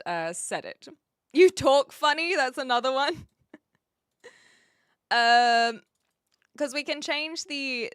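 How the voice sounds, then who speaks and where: A woman's voice: mid-range voice, bright, forceful tone, no room sound, studio quality. A woman from New Zealand with a New Zealand accent, chatting casually on her live stream while she sets up a chat bot and thinks aloud. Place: home room with brick walls.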